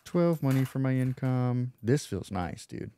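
A man's voice: medium pitch, animated, a little slow, dark tone, a little hiss or hum. A man playing a board game, explaining card rules and trading playful banter. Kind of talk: casual chat at a game table. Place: indoors at a table.

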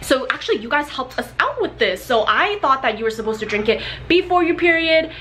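A young woman vlogging at home, chatting in a casual, animated way. Her voice sits a little high. A faint hum of noise stays underneath. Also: a little fast. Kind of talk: casual vlog chat.

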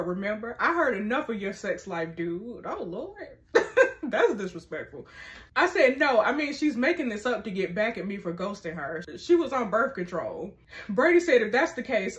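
A woman reads out a story game's lines in a casual, animated way. Her voice sits a little high, and she breaks off into laughing asides. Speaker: narrating and reacting to a story game. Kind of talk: casual reading and commentary.

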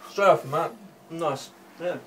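A man's voice: fairly high pitch, unhurried. A man who is a guest taster, chatting casually and describing the flavour of a hot sauce. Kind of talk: casual chat. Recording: from far off with faint noise.

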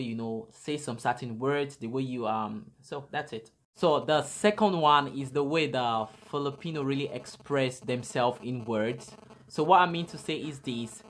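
A young man from Nigeria, talking casually to camera as a vlogger, rambling and filling his talk with "you know". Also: medium pitch. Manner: rambling, leans heavily on "you know" fillers.

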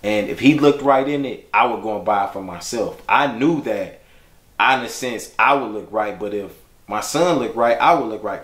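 A man with a fairly low voice talks through memories in a relaxed, slangy, heartfelt way. His words carry a noticeable roomy echo, like a documentary interview recorded in an open space. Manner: casual, reflective, heartfelt, slangy. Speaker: bereaved father recalling his son. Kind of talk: documentary interview, personal storytelling.

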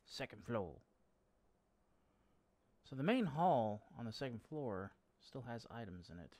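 A man's voice: medium pitch, big pitch swings, a little slow, a little mellow. A young man giving casual, joking commentary while he plays a horror game at home, swearing now and then and talking to the enemies. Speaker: gameplay streamer. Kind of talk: casual let's-play commentary. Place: home room.

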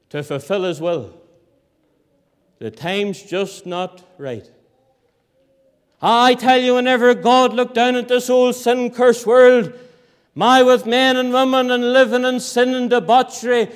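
A man preaching a sermon in a church hall, impassioned, swinging from loud cries to hushed low lines. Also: clean tone. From Northern Ireland.

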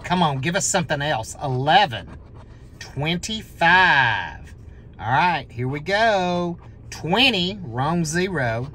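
A scratch-off lottery host, calling out numbers as they scratch and breaking into excited shouts at wins. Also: medium pitch, slow pace, a little hiss or hum.

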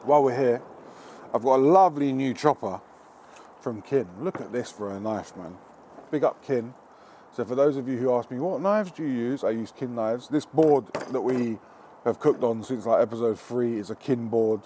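A man runs a cooking demonstration in a loose, cheeky, foul-mouthed way, speaking straight to camera at a medium pitch. He is outdoors by a barbecue, with faint traffic and ambience behind him. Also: normal speed, dark tone. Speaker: cooking show host.

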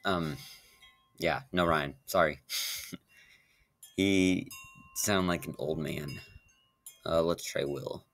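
A man's voice: rumbling low, fairly even intonation, slow, vocal fry, pauses often, a bit bright, faint music behind. A man chatting in a rambling casual vlog, with many fillers and restarts. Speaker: YouTuber.

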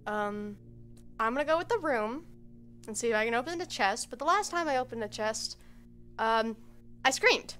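Bright-voiced woman muttering through gameplay. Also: a little high, lively intonation, normal speed, pauses often. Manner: quiet nervous self-talk, rambling. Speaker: streamer. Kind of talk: let's-play commentary. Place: at home. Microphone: headset.

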